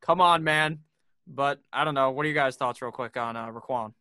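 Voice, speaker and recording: A man's voice: mid-range voice, fairly even intonation, brisk, bright, forceful tone, dry recording, studio quality. A man hosting a casual sports podcast, joking and swearing freely as he runs through picks. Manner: profane, joking, brash. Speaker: podcast host.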